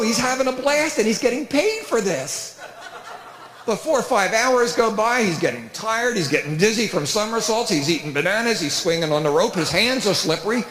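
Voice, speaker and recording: A middle-aged man doing stand-up comedy at a church event, telling stories with big animated voices. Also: sits high. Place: church hall with live audience. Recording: roomy hall reverb.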